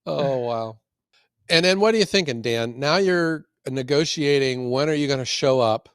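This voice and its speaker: A man co-hosting a casual podcast, telling stories in a folksy, animated way. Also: medium pitch, normal speed, clear, resonant tone, no room sound, clean studio sound. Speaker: podcast co-host and firewood seller.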